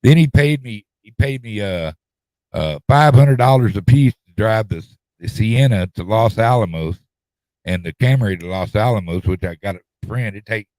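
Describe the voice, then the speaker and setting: A man's voice: lowish voice, expressive, moderate pace, a little mellow, dry recording. A middle-aged man, telling a long rambling story in a folksy drawl and repeating himself as he goes. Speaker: podcast host telling a story. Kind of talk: casual storytelling chat.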